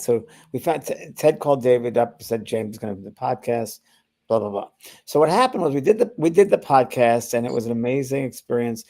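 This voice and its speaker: Older man, medium, gravelly voice, dark tone, rambling casual storytelling. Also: mid-range voice. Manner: rambling, many restarts and fillers, acts out quoted voices. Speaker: spiritual medium, podcast guest storyteller.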